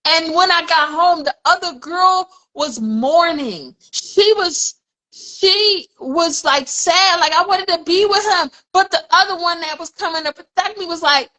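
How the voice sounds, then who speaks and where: A very high-pitched, pushed and bright voice belongs to a woman in her forties co-hosting a laid-back podcast, speaking unhurriedly. She's candid, recounting personal stories and voicing what goes on in her head, all on a rough recording.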